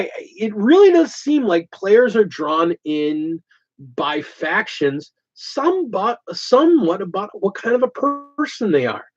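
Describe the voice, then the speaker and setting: Animated ranting man, dull lo-fi sound. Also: high voice. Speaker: host. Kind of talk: casual chat.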